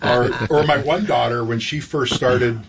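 A man's voice: medium pitch, normal speed, gravelly, a loud crowd. A middle-aged man, a veteran guest in an interview, talking casually with many fillers. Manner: casual, chatty, with filler words. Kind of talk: interview conversation.

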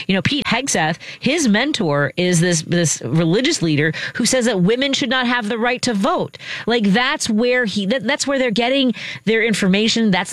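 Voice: mid-range voice, a bit bright, no room sound. Brief: rambling podcast host, casual monologue, keeps self-correcting, dry close mic. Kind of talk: casual monologue with sponsor reads.

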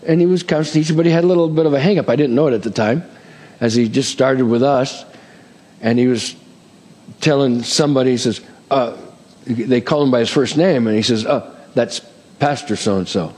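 A man's voice: medium pitch, darkish tone, breathy edge. A middle-aged man preaching a sermon as pastor, with rising emphasis, asides and call-and-response amens. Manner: jokes and acts out quoted voices. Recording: long hall reverb.

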